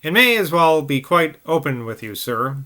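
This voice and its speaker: A man voicing an earnest young man who speaks politely and haltingly, in a novel reading. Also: fairly high pitch, sing-song, bright, forceful tone.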